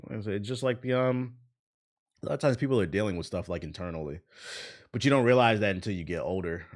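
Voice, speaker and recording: A man hosting a livestream, chatting casually and retelling arguments by quoting people in lively bursts. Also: on the low side. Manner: animated storytelling, quoting others. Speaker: livestream host. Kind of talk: casual stream chat.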